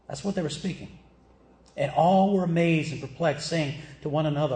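A man's voice: a little high, moderate pace, a little mellow, echoey room. A man from the American South with a Southern accent, preaching a sermon in a plain, emphatic teaching manner, asking the listeners questions. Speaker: pastor.

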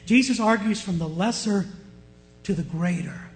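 High-voiced preaching man. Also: moderate pace, soft background music, low-quality recording. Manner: dynamic preaching, swings from loud emphasis to quiet asides; asks the congregation rhetorical questions. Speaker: pastor. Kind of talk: sermon.

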